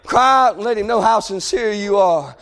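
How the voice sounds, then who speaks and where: A man preaching a sermon, swinging between shouted appeals and hushed passages. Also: sits high, moderate pace.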